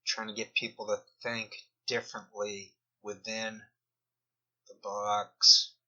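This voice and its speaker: A man's voice: lowish voice, flat delivery, slow, bright, forceful tone. A man giving rambling commentary over a screen recording, often trailing off mid-thought, captured in a dull lo-fi recording. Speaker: video commentator.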